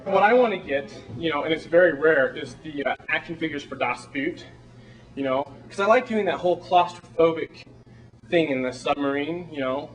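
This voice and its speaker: A flamboyant small-town theater director, played by a man, gushes and rambles in a somewhat high voice. He sounds a little far from the microphone. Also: normal speed, close to an everyday voice. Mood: gushing. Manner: chatty, rambling, gushing. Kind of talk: film monologue performance.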